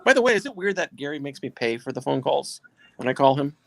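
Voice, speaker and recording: A man's voice: mid-range voice, big pitch swings, quick pace, gravelly, fairly bright tone. A man chatting on a podcast, teasing and rambling through jokes. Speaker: podcast guest. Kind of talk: casual chat.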